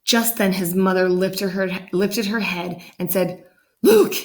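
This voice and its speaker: A woman reading a children's picture book aloud in an animated way, jumping up in pitch for the characters. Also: measured pace, reverberant. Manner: animated, voices the characters with big pitch jumps. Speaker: storyteller.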